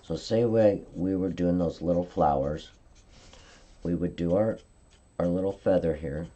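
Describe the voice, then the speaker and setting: A woman leads a live-stream craft lesson, talking through each step in a friendly, chatty way. Her voice sits low and mellow, and she often stops to check in with her viewers. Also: a little slow, slight background noise. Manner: chatty step-by-step instruction, frequent "okay?" check-ins. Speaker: card-making demonstrator.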